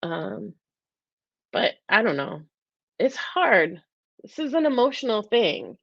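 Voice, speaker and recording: A woman's voice: medium pitch, sing-song, takes it slowly, gravelly, no echo. A woman hosting a live-stream talk, speaking earnestly and emotionally, rambling with frequent restarts. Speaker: host. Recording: dull, dry lo-fi sound.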